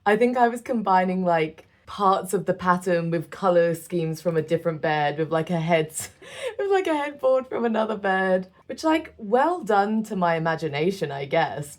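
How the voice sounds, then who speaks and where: Chatty British woman narrating a game build. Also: fairly low pitch. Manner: chatty, self-deprecating, laughs often. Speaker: gaming creator. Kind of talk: casual building commentary.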